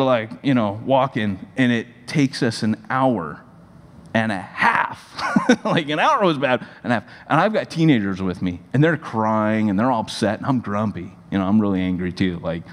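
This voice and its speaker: Animated man preaching in a reverberant hall. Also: on the low side. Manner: animated, rambling storyteller with many fillers. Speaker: pastor. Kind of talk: sermon storytelling. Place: church hall.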